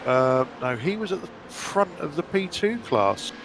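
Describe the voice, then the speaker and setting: A man's voice: on the high side, very animated, unhurried, gravelly, noisy background. A man doing live sim race commentary, observant and reporting what he spots on track. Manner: observant, spotting and reporting cars.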